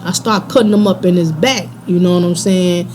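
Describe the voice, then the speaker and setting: Mellow-voiced woman telling a street story. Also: lowish voice, moderate pace, slight background noise. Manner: slangy, laid-back, chuckles through the tale. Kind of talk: casual personal storytelling.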